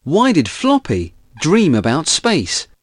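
A man's voice: on the high side, huge pitch swings, takes it slowly, a little hiss or hum. A man asking children follow-up questions about a story, in a sing-song, questioning way. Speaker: reading-comprehension presenter.

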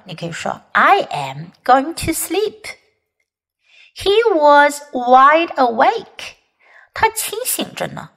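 Woman English teacher, native Mandarin, children's story reading; high, lively voice. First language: Mandarin Chinese. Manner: slow, expressive storytelling.

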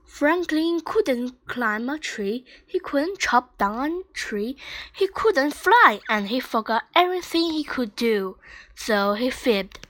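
A woman reading a children's picture book aloud in a slow, clear, gentle storytelling manner. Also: high-pitched, expressive, rough recording.

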